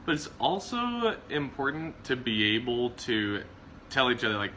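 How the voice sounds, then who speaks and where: A man co-hosting a casual chat about marriage, relaxed and rambling, often laughing. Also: mid-range voice, normal speed, a little hiss or hum, low-quality recording. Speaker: co-host of a marriage channel.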